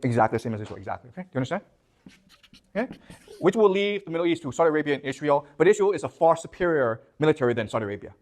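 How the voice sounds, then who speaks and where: A man's voice: a little high, sing-song, rapid-fire, darkish tone. A man giving a classroom lecture, posing questions to his students and checking in with them again and again. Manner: keeps checking in with "okay? you understand?".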